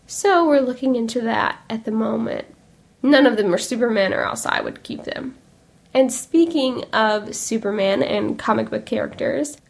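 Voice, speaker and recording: A young woman hosting a podcast, a little congested, chatting in a rambling, upbeat way. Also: on the high side. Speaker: podcast host. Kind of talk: casual chat.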